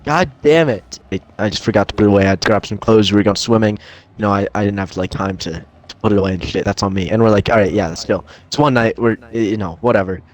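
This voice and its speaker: A man's voice: on the low side, steady tone, rapid-fire. A young adult man telling a campfire story in a rambling, profane, slangy way full of restarts. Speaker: podcast storyteller.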